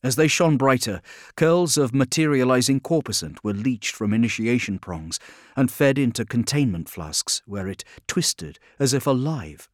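A man reading an audiobook in steady, measured scripted narration. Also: mid-range voice, no echo, studio quality.

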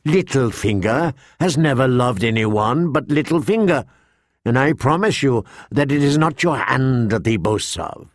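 A man reading aloud, voicing a sharp-tongued, sardonic male dwarf nobleman in a slightly raised voice. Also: medium pitch, animated, dry recording, studio quality. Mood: mocking. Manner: sardonic, quick, cutting.

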